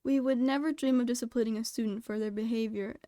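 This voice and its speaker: A woman doing a composed male animal principal, every word measured and precise. His voice sits fairly high, and the sound is close and dry. He stays polite and formal even when he is cut off. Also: dry recording, lightly acted. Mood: calm.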